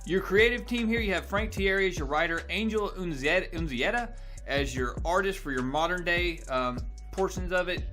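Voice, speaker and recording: A man's voice: sits high, normal speed, pushed and bright, soft background music. A man casually reviewing a comic preview in a chatty, self-deprecating way.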